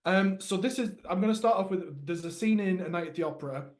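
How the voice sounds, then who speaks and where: A man with a notably high voice co-hosting a relaxed podcast. He rambles through stories in an easy, casual way and often laughs mid-sentence. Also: fast talker. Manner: chatty storyteller, laughs while talking. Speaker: podcast co-host. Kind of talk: casual chat.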